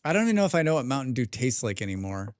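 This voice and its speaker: Streaming a survival game live, a man reads his chat out loud and fires back dry, wandering jokes, humming and muttering to himself between comments. His mid-range voice is darkish, very animated, and rapid-fire.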